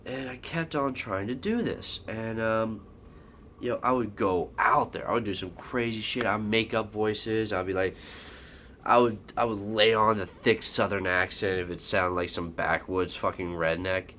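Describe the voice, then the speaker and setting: A man with a very low, deep voice tells a personal story casually. He rambles, swears bluntly and leans on fillers. A faint background hum sits behind him. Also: steady tone, a little slow, pushed and bright. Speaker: vlogger.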